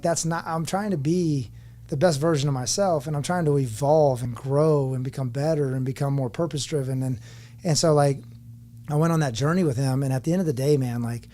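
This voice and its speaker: This podcast guest, a man in his forties, has a fairly high pitch and a dark tone. Earnest and reflective, he recounts his story frankly and talks openly about his personal struggles.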